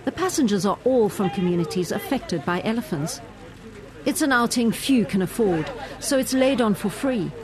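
Woman reading a measured news narration. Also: medium pitch, crowd noise. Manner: measured, even delivery. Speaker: news reporter.

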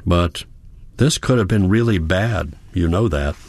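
Audiobook: gentle matter-of-fact carer woman, soothing, man reading the part in a low voice. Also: unhurried. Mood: concerned. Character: kind female caregiver, gently practical.

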